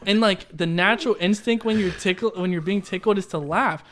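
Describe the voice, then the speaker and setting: There's a bit of background noise behind this young male podcast co-host, whose high, fairly bright voice moves briskly. He spins a rambling story in casual conversation, leaning on "like" and "right?", tossing in asides and laughing throughout.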